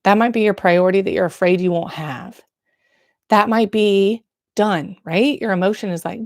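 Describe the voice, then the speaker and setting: Frank, slangy woman with a lowish voice. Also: a little fast, dry recording, studio quality. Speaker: birth nurse. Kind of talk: casual direct-to-camera advice.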